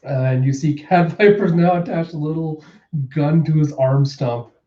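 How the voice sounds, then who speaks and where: A man's voice: on the high side, a little slow, dull audio. Casual man reviewing a comic, roomy sound. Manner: casual, narrates scenes with fillers. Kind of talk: reaction reading with commentary.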